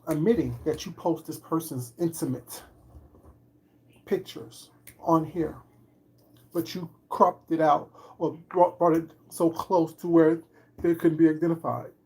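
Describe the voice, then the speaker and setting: A woman's voice: low voice, unhurried, dark tone, husky. A woman on a livestream, commenting on online drama with sarcastic rhetorical questions. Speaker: streamer.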